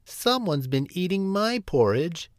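A man voicing a tiny baby bear cub in a bedtime storybook, with a high, crying squeak. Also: sing-song, unhurried, no room sound, studio quality. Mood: upset.

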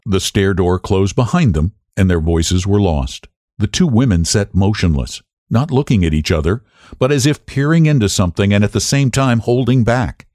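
Low-voiced man narrating an audiobook. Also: animated, moderate pace, a little mellow, no room sound, clean studio sound.

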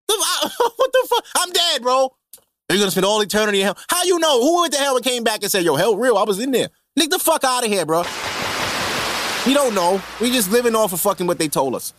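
A man's voice: very high-pitched, no echo, studio quality. A man hosting a podcast, ranting casually and comedically with lots of slang and profanity. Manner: profane, animated, heavy slang. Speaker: podcast host.

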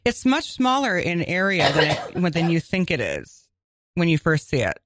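A woman co-hosting a community radio crime show, chatting casually and reading announcements with quick asides. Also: lowish voice, sing-song, fairly bright tone, dry recording. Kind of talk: casual chat and on-air announcements. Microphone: studio microphone.

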